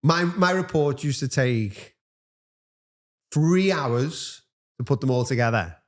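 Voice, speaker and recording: A man's voice: medium pitch, animated, slow pace. A man, a teacher co-hosting a casual chat, who tells rambling anecdotes full of quoted dialogue. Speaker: teacher and podcast co-host.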